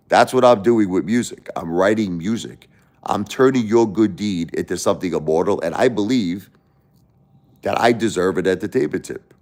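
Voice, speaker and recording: A man hosting a live stream, ranting in a casual, indignant way and often restarting his sentences. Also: on the low side. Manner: animated, indignant, rambling with restarts. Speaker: livestream host.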